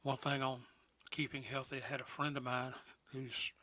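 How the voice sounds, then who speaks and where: A man's voice: medium pitch, flat delivery, normal speed, bright, forceful tone, no room sound. A man in his sixties, the host's father, talking in a folksy, plainspoken way as guest co-host on a casual show. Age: 60s. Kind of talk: casual chat.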